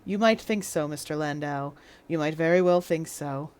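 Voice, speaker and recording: A woman's voice: low-pitched, normal speed, darkish tone, smooth, voice pushed down, lightly acted. Game stream: stern, haughty judge in clipped posh English, a woman voicing him. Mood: dry. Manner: haughty, clipped put-on upper-class English. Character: stern male London courtroom judge.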